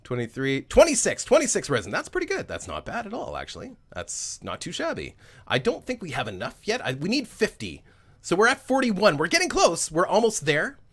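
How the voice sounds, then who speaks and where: Male gaming host, cheerful running commentary with a lively voice that swoops a lot. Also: sits high, a little fast, breathy edge. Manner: chatty and upbeat, laughs often, thinks aloud while playing. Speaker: let's play host. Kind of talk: casual gameplay commentary.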